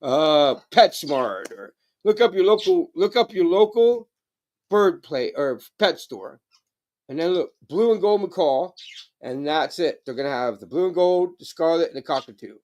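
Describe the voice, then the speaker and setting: A man's voice: fairly high pitch, expressive, unhurried, a little mellow, highs cut off. A man chatting casually on a live stream, rambling and swearing while stoned. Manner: rambling, swearing, laid-back. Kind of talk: casual chat.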